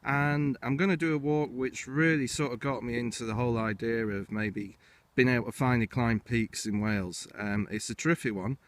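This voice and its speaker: A man's voice: medium pitch, fairly even intonation, a little fast. A man giving casual, chatty commentary as he guides viewers along a hill walk outdoors, often starting each new step of the route with "right". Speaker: hiking vlogger and walk guide. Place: outdoors on windy hills.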